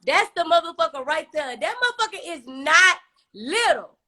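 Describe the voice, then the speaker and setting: Young woman storyteller on a phone live stream: high, bright, sassy, profane, emphatic. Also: normal speed. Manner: animated, sassy, heavy cursing, emphatic repetition. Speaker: storyteller host.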